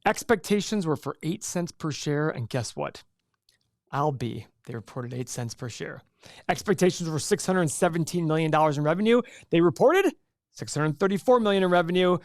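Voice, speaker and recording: Energetic man reacting to stock earnings. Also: on the high side, moderate pace, no echo, clean studio sound. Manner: energetic, sarcastic asides, self-correcting mid-calculation. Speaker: stock market commentator.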